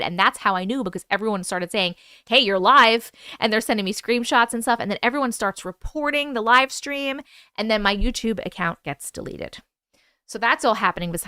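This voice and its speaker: A woman hosting a livestream, casually telling a story, animated and profane, acting out the voices she quotes. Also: on the high side, clear, resonant tone, no echo, clean studio sound. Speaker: host. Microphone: wireless clip-on mic.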